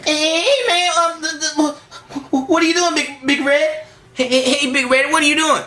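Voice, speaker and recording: A man's voice: very high-pitched, level tone, moderate pace, sharp tone, slight background noise. A man voicing a meek, timid male creature in a puppet comedy, who stutters heavily and trips over nearly every word. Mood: nervous. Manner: heavy stutter, meek and hesitant.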